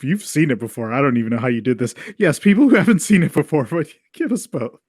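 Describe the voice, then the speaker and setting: A man's voice: on the high side, lively intonation, quick pace, few pauses, a little mellow, breathy edge, no echo, clean studio sound. A man co-hosting a casual movie-review podcast. He jokes, is sarcastic and laughs between remarks. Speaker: podcast co-host.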